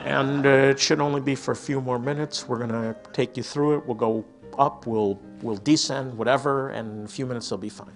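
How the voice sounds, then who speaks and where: A man preaching a sermon, telling stories and dropping to a soft hush for emphasis. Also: medium pitch, fairly even intonation, fairly quick, few pauses. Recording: faint music behind.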